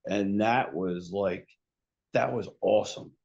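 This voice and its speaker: Rambling profane podcast co-host, lo-fi. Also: male voice, lowish voice, takes it slowly, vocal fry, a little mellow. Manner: rambling, profane, heavy filler "like". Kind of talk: casual chat.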